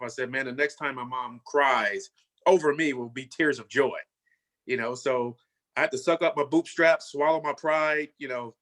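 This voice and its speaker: A man's voice: medium pitch, pushed and bright. A man in his fifties, a former football player, telling his story in a casual way and often saying "you know" and "man".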